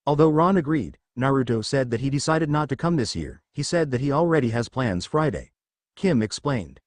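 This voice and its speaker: A man reading a fan fiction story aloud and voicing its characters in his own voice, with a halting delivery. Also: medium pitch, expressive, no echo, clean studio sound. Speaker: narrator.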